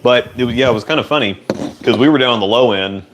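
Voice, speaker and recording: A man hosting a relaxed, rambling chat in a workshop, answering viewer questions. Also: mid-range voice, fast talker, slight background noise. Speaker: host. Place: indoor workshop.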